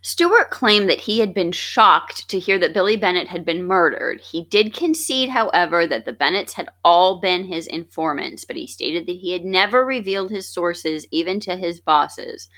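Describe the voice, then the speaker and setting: A woman co-hosting a podcast, reading scripted true-crime narration in a steady, measured way. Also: on the low side. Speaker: podcast co-host.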